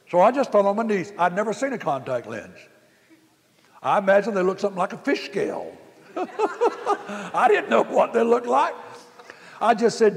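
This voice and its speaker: A man preaching a sermon, telling a story that rises to loud, emphatic exclamations. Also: high-pitched, big pitch swings, normal speed, creaky, pauses often. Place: camp meeting hall. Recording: long reverb of a hall.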